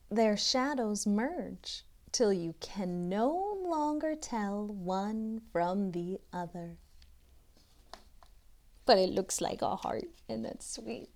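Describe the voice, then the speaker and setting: Slow, expressive young woman reading aloud. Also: medium pitch. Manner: expressive, chatty asides to the listener. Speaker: literacy tutor. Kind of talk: children's picture book read-aloud.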